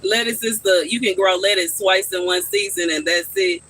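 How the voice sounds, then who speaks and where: A man's voice: sits high, moderate pace, sharp tone, poor audio. A man chatting casually on a live stream from his backyard garden, answering his viewers' questions.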